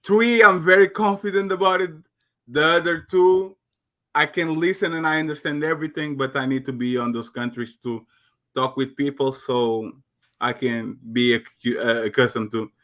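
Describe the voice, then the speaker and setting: A man from Portugal with a Portuguese accent, talking animatedly as a guest on a panel discussion. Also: normal speed. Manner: animated, acts out quotes in high voices.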